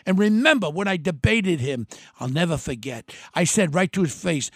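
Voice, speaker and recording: A man's voice: high voice, expressive, normal speed, no echo, clean studio sound. An older man tells a story in a blunt, combative way and quotes people in changing voices. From New York City. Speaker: former mayoral candidate telling a story. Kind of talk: animated storytelling monologue.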